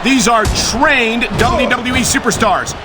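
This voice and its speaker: An actor playing an earnest male play-by-play announcer in a wrestling game, excitedly hyping the action. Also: very high voice, a little slow, music in the background. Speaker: play-by-play commentator. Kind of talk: scripted wrestling game commentary. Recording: loud crowd and game noise.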